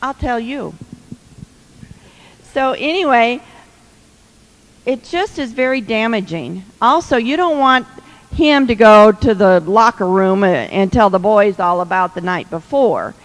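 A woman's voice: a little high, animated, a little slow, pauses often. A woman giving humorous marriage advice to a live audience, chatty, with teasing asides and laughs. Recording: long hall reverb.

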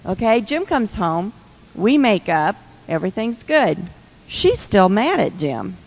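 Slow-talking woman in a reverberant hall. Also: mid-range voice, very animated. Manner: chatty, laughing, teasing asides. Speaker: speaker giving marriage advice to women. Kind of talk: humorous advice talk to a live audience.

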